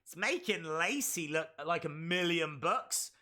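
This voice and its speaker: A man giving excitable live play-by-play reactions to a wrestling match, bursting into shouts at big moments. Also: a little high, a little slow, hardly any pauses. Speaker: wrestling stream host.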